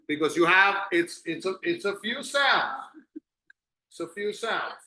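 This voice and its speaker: A man leads an English lesson, patiently correcting each student and repeating words slowly for them to copy. His voice sits high and bright, and he talks at an unhurried pace. The sound is roomy, with a noticeable echo. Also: sing-song. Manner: patient, corrects and drills pronunciation. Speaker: English teacher. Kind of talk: online English class.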